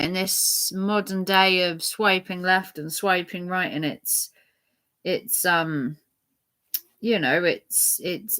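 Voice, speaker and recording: Middle-aged woman rambling on camera, lowish pitch, bright clear tone, loads of ums and you knows. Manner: rambling, chatty, many fillers and restarts. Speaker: channel host. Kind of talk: casual chat to viewers.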